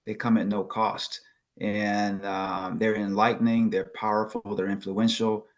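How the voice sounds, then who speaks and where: A man's voice: lowish voice, little pitch movement, measured pace. A man from Chicago speaking as a guest on a video call, upbeat and earnest about what he believes. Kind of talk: casual talk, motivational.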